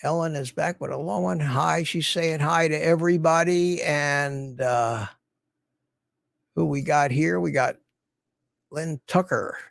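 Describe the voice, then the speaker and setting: Older livestream host, gravelly, raised pitch, dry close sound, chatty and rambling. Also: male voice, takes it slowly, dry recording. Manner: rambling, greets viewers by name. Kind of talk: casual livestream chat. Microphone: studio mic through a mixer.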